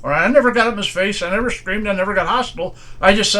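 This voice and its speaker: A pastor giving an informal, conversational sermon in plain, folksy speech, asking strings of rhetorical questions. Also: male voice, sits high, racing, hardly any pauses, pushed and bright. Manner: plain everyday grammar.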